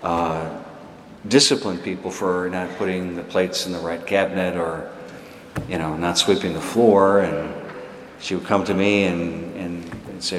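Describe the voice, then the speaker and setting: A man preaching a sermon as a priest, telling a story in a conversational, halting way with many restarts. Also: sits low, roomy sound, in a large hall, a little hiss or hum.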